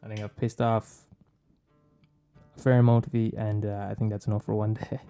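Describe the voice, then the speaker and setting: A man's voice: lowish voice, level tone, normal speed, warm tone, clean tone, faint music behind. An Irish man hosting a podcast, rambling in a casual monologue, swearing, laughing and teasing his listeners. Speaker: podcast host recommending films.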